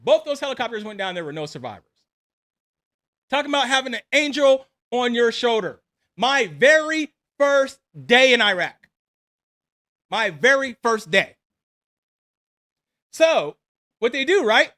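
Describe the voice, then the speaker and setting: A man in his forties, an army veteran, telling a personal war story in a casual, animated way, acting out the dialogue and laughing between lines. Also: extremely high pitch, moderate pace, pauses often.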